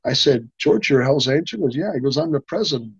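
An older stuntman, interviewed as a guest, tells a long, rambling anecdote full of false starts, slipping into other people's lines along the way. His medium-pitched voice is fast, lively, and slightly breathy. The sound is dry, a little muffled, and free of room noise.

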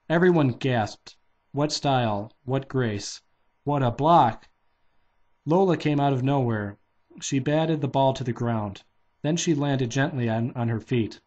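A man's voice: mid-range voice, a little mellow, lo-fi sound. A man casually reading a children's novelization aloud, barely changing his voice for the characters.

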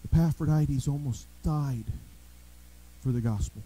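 A male pastor preaching a sermon in a church, telling everyday stories with lively emphasis and frequent restarts. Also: fairly high pitch, moderate pace, low-quality recording. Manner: animated storytelling preacher, repeats and restarts words. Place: church sanctuary.

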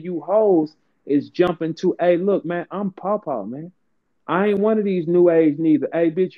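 A man hosting a heated live audio chat, profane, taunting and boastful, swinging from low mutters to high outbursts. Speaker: host of an online audio room. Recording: tinny phone-line audio.

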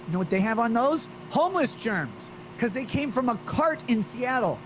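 A man's voice: very high voice, big pitch swings, moderate pace, background noise. A man on his livestream, reading chat messages aloud and launching into an exasperated, profane, sarcastic rant. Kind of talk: ranting livestream monologue.

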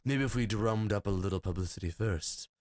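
A man voicing a male dragon friend who ponders and schemes, with a slow, lowered delivery in a game. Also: darkish tone, no room sound, studio quality, natural voice. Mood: musing. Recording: game music playing behind.

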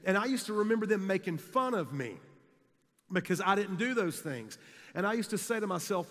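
Preacher, forties, energetic and jokey, high sharp voice, long hall reverb. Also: male voice, brisk. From South Carolina, US. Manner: energetic, jokey, builds to shouts. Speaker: youth conference speaker. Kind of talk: humorous storytelling sermon. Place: large conference hall. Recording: echoey large hall.

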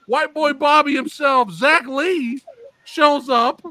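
A man hosting an interview, telling an excited story about his reactions and swearing freely as he acts them out. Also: very high-pitched, unhurried, dry recording. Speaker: interview host. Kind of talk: excited storytelling, casual chat.

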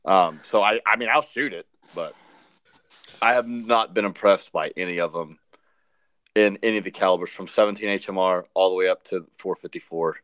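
A man's voice: sits low, normal speed, fairly bright tone, no room sound. A man co-hosting a podcast in casual chat, blunt and opinionated, often repeating words. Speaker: podcast co-host.

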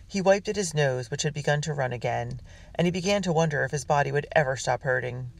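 A man's voice: fairly high pitch, fast talker, creaky. A man narrating a children's adventure story, reading steadily with small slips and restarts. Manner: reads with small slips and restarts, voicing characters. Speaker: audiobook narrator. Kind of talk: scripted narration.

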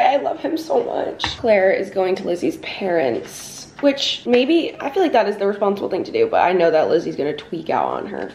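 A woman's voice: medium pitch, a little mellow. A woman chatting casually in a reading vlog, emphatic and full of "like", with some swearing. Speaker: book vlogger.

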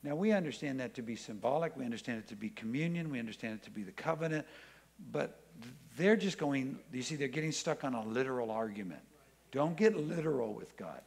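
A man's voice: mid-range voice, animated, fairly quick. A man preaching a sermon in church, reading scripture aloud and acting out the voices in it with emphasis. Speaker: pastor.

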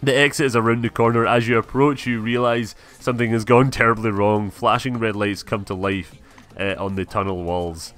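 A man's voice: lowish voice, fairly even intonation, normal speed, a bit bright, soft background music. A man giving gameplay commentary, reading game text aloud, swearing and laughing. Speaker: gameplay streamer. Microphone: webcam mic.

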